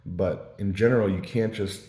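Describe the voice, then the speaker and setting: Mellow low-voiced man rambling casually. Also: steady tone, normal speed. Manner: meandering storytelling with many fillers and restarts. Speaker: vlogger. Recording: roomy echo.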